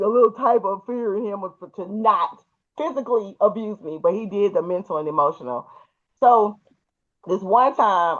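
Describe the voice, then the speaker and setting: A woman hosting a podcast, telling a personal story in a lively way, laughing often and acting out the people in it. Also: medium pitch. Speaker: podcast host. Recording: muffled, dull audio.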